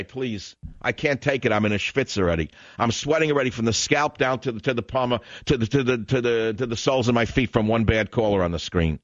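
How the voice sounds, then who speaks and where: A man's voice: fairly low pitch, fairly quick, few pauses, no room sound, lo-fi sound. A man hosting a talk radio show, ranting and sarcastic in a combative monologue.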